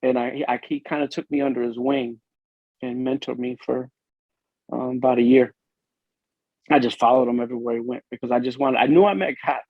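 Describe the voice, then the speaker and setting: A man from Illinois who works as a police officer, giving an earnest, emotional personal testimony in a podcast interview, with halting, restarting speech. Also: medium pitch, steady tone, dry recording. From Illinois, USA. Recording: dull lo-fi dry recording.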